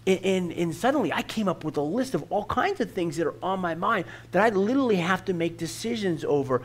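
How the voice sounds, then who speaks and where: In church, a middle-aged pastor preaches a sermon earnestly, often repeating words as he begins a sentence. His voice is high-pitched, animated, and a little fast.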